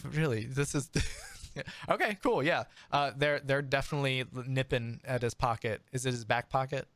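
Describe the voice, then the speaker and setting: A man's voice: mid-range voice, level tone, fairly bright tone, no room sound. Laid-back guy dm-ing, lots of ums, close dry mic. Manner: easygoing, halting, many fillers. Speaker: game master. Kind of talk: narrating a tabletop game.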